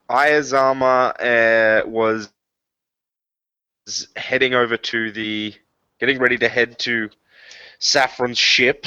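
A man running a tabletop game as game master over a voice call, jokey and halting with fillers. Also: mid-range voice, pushed and bright, clear, resonant tone, no echo, dull audio.

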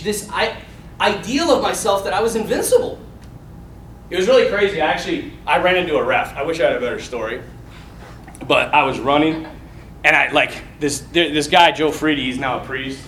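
Animated high-voiced man telling a story. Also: far from the mic. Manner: animated, laughs often, acts out voices and screams. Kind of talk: casual storytelling. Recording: echoey room, off mic, faint noise.

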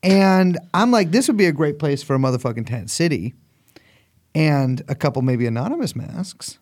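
A man's voice: a little high, lively intonation, normal speed, a little mellow. An American man co-hosting a podcast, riffing in loose, jokey banter and swearing freely. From United States. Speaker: podcast co-host.

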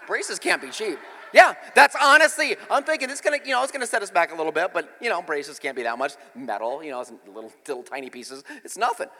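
A man's voice: fairly high pitch, quick pace, big-room sound. A middle-aged man preaching, a pastor telling a funny family story and joking with his congregation. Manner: animated, exclaiming, self-mocking humor. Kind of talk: comedic storytelling sermon. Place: church.

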